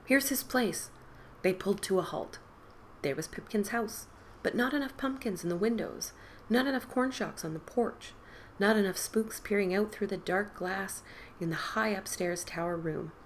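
A woman podcast host reading a spooky story aloud in an expressive storybook style, dropping to whispers and rising for the characters' cries. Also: mid-range voice, normal speed, slight background noise. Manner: dramatic, drops to whispers and lifts for quoted boys' cries.

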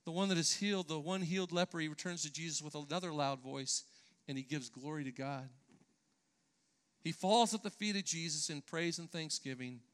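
A man's voice: fairly high pitch, fairly quick, fairly bright tone, smooth. A man preaching a sermon in church, earnest and emphatic, sometimes restarting his phrases. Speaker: pastor.

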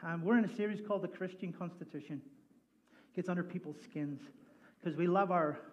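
A man's voice: high-pitched, a little fast, muffled recording, a little hiss or hum. A man opening a sermon as a pastor in front of a church congregation, chatty and playful with lots of energy. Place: church hall.

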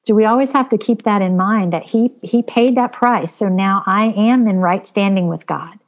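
A woman's voice: medium pitch, moderate pace. Earnest woman preaching in casual talk. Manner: earnest, preaching, frequent ums. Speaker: co-host of a Christian talk show. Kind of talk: casual faith discussion.

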